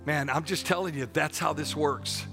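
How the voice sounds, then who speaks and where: A man's voice: on the high side, moderate pace, creaky, music in the background. A man preaching a passionate sermon, leading the congregation in call-and-response declarations and breaking into joking asides. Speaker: pastor.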